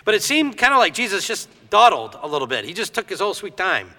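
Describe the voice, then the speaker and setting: Bright-voiced male preacher in a reverberant hall. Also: high-pitched, fast talker. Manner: lively storytelling, acts out quoted voices. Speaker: pastor. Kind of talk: sermon.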